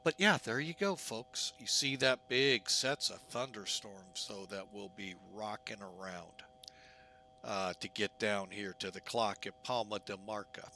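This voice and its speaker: Man, flight sim commentary, slow and relaxed pace, bright tone, jokey, self-mocking. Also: fairly low pitch, a little hiss or hum. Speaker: flight simulator streamer. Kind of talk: casual gameplay commentary.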